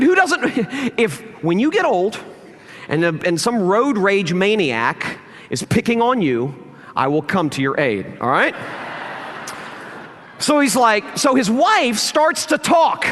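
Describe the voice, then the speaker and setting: Lively-pitched pastor preaching in a hall. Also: male voice. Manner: animated storytelling, acts out quoted lines. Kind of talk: sermon with personal story.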